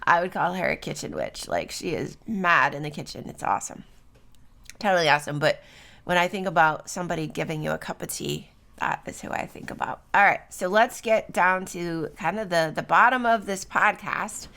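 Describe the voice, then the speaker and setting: A woman's voice: on the low side, fairly quick, gravelly, bright, forceful tone. A middle-aged woman hosting a solo podcast at home, chatty and loose, full of fillers and little tag questions. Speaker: podcast host. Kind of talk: solo podcast talk on herbs. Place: home, early morning.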